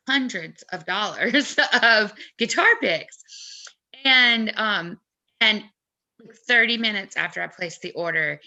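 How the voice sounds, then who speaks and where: Woman, casual live chat, animated storyteller, piercingly bright tone, chatty. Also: mid-range voice. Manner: animated, chatty anecdote telling. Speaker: co-host of a fan merch live chat.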